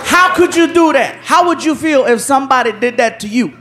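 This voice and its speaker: A comedian acting out an excitable grown man who shouts and squeals, during a stand-up act. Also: extremely high pitch, brisk, exaggerated voice. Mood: indignant. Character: excitable loud grown man, quick to outrage. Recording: loud crowd laughter, noisy venue.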